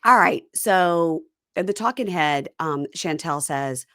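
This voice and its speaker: Low-voiced woman chatting casually. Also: lively intonation, slow pace, a bit bright, no echo, studio quality. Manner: chatty recapper, mimics cast members in quotes. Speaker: podcast host recapping reality TV. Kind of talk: casual chat.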